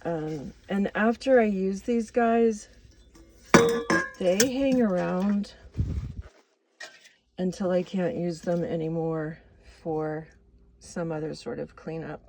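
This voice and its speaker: A woman's voice: on the low side, slow, long pauses, noisy background. A woman chatting casually as she cooks in a motorhome kitchen, rambling and laughing at her own slips. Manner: chatty, rambling, self-deprecating. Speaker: vlogger. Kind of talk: casual cooking vlog.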